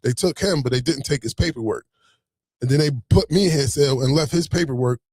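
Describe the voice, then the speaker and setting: A man telling a story in a casual, animated, streetwise way, swearing freely. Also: medium pitch, a little fast, no room sound, clean studio sound.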